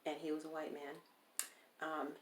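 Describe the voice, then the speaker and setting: A woman telling a personal story in a casual interview, animated and acting out the people she quotes. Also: sits low, moderate pace, a little hiss or hum. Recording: roomy echo.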